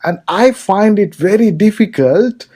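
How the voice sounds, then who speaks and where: Earnest man with a dark voice, hosting. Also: high-pitched, lively intonation, a little slow. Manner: earnest, repeats words when searching. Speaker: podcast host. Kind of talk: casual conversation.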